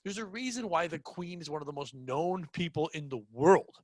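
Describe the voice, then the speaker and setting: Lively, teasing young male podcaster. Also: on the high side, moderate pace, no room sound. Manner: profane, teasing, rambling. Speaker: podcast co-host. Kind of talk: casual podcast chat.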